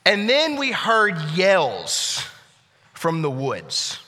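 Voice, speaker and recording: A man in his thirties preaching a sermon in a church, telling a story that shifts between hushed and loud. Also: high voice, wildly swooping pitch, drawn-out words. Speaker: pastor. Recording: echoey church hall.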